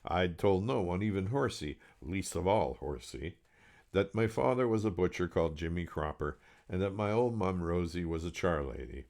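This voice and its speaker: A man's voice: sits low, lively intonation, moderate pace, darkish tone. A man reading aloud from his own novel with a dry, wry delivery. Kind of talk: serialized book reading.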